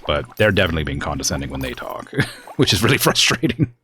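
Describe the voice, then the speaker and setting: A man's voice: extremely low pitch, sing-song, quick pace, bright, forceful tone, a little hiss or hum. A man from the US West Coast streaming a game, chatting casually and rambling with lots of fillers. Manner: rambling, filler-heavy, exasperated about family. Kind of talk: casual chat while gaming.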